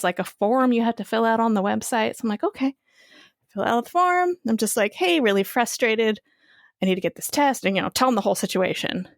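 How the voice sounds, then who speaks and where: A woman co-hosting a podcast, telling a personal story in a casual, animated way and swearing freely. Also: a little high, dry recording, studio quality. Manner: animated, swears freely, acts out quoted voices. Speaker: podcast co-host.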